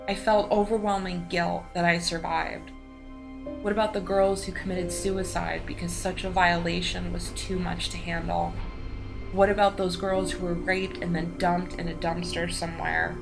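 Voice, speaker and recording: A woman giving a slow, solemn scripted voice-over narration for a documentary. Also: lowish voice, gravelly. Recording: voice-over with music behind.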